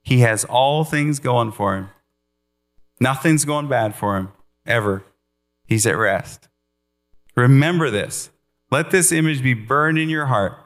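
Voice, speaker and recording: A man preaches a sermon in an earnest, animated way and breaks into playful asides. His voice sits in the middle range. A faint electrical hum runs under it. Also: mid-range voice, unhurried, pauses often.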